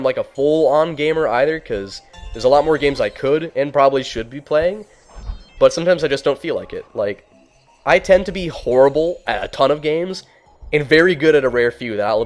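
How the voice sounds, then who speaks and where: A man giving casual, rambling gameplay commentary as a let's play host, full of "like" and "um" and quick to get excited. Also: medium pitch. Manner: rambling, lots of "like" and "um", easily excited.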